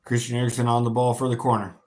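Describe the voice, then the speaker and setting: A man's voice: medium pitch, flat delivery, rapid-fire. A tired man hosting a casual football watch-along livestream, calling the play, swearing freely and chanting. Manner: swears freely, bursts into shouting on goals. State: tired, yawning. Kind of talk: casual live match commentary.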